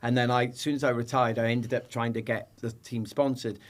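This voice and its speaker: A middle-aged British man, a podcast guest, telling lively anecdotes in casual chat and acting out the people in them. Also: medium pitch, a little fast.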